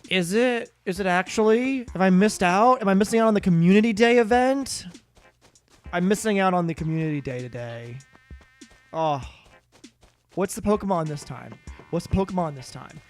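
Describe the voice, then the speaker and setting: A man's voice: high-pitched, normal speed, soft background music. A man chatting casually and playfully while streaming a video game at home. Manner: playful, excitable, jokey.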